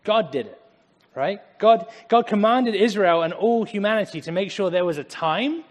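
An English man with an English accent giving a casual, conversational Bible talk, animated and acting out little asides. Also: high-pitched, normal speed, big-room sound. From England. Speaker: Bible teacher.

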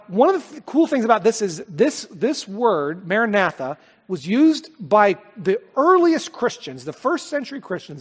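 A man's voice: sits high, long reverb tail. A man preaching as pastor to a church congregation, enthusiastic and conversational, with fillers and repeated words. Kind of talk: sermon.

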